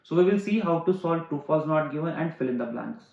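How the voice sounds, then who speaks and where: Man teaching exam reading, fairly high voice. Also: animated, fairly quick, vocal fry, a little mellow, echoey room, highs cut off. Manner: explains step by step, restating words in simpler terms; frequent "uh" fillers. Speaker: IELTS teacher. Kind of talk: online exam-prep lesson.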